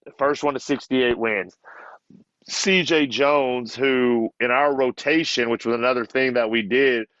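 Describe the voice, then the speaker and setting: A man who is a basketball coach, telling a lively story as a podcast guest, acting out other people's lines and laughing often. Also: mid-range voice, measured pace, dry recording, muffled recording. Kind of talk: casual storytelling.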